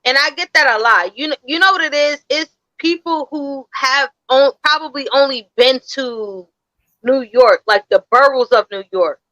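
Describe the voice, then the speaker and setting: A woman's voice: high-pitched, moderate pace, a bit bright, no echo, low-quality recording. A woman from Connecticut co-hosting a podcast, easygoing and explaining things with repeated phrases. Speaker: podcast co-host. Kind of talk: casual chat.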